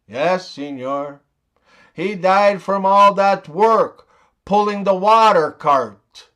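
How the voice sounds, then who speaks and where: A man's voice: high voice, takes it slowly, sharp tone, exaggerated voice. A man voicing a male servant who politely reports one disaster after another. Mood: deadpan polite. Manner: deferential, keeps saying sir. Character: male servant delivering bad news politely.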